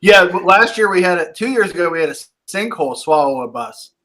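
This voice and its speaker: A man's voice: sits high, lively intonation, brisk, sharp tone. Podcast co-host, man with Pittsburgh accent, loose rambling jokey delivery. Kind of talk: casual chat.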